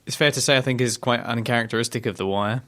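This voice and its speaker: A man's voice: mid-range voice, fast, a bit bright. A man co-hosting a podcast, chatting casually and analytically about a TV episode and reading out plot summaries. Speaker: podcast co-host. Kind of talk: casual discussion.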